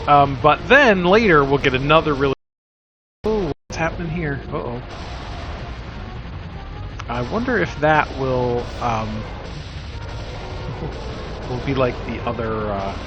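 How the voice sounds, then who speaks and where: An older man hosting a let's play, giving rambling, self-deprecating casual commentary full of fillers. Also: mid-range voice. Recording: slightly dull lo-fi sound with faint music.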